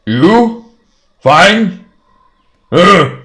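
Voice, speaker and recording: A man's voice: high-pitched, very animated, extremely slow, voice pushed up, heavily acted. A man voicing a dim male cyclops giant who grunts and talks in broken words. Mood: baffled. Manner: broken speech, loud grunting cries.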